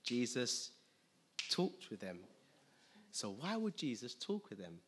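A man preaching a sermon in an animated way, acting out scenes with sudden loud outbursts. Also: mid-range voice, slow, slight background noise.

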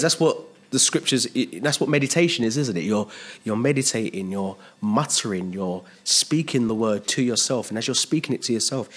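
A man's voice: medium pitch, fairly bright tone. Earnest man preaching a sermon. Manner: earnest, emphatic preaching with repeated phrases and rhetorical questions. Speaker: pastor.

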